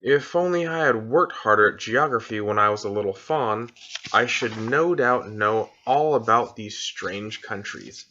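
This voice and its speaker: A man's voice: fairly low pitch, a little slow, pushed and bright. A man reading aloud, voicing a courteous, formal male faun who is a little flustered and melancholy, in a dull lo-fi recording.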